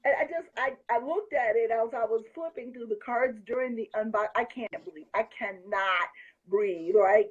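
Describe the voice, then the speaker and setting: Host: woman, husky, effusive and gushing, slightly muffled lo-fi sound. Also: a little high, moderate pace. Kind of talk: excited casual chat.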